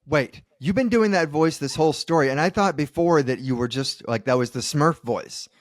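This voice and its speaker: A man co-hosting a comedy podcast in casual chat, laid-back with quick reactions. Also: on the high side, dry recording, studio quality. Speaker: podcast co-host.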